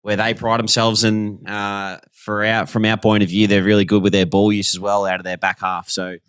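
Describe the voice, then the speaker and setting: A relaxed Australian man co-hosting a podcast in easygoing, matey banter. His voice sits a little low. The recording is dry and close, with no room sound. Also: normal speed, smooth, no room sound. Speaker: podcast co-host and footballer. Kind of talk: casual chat.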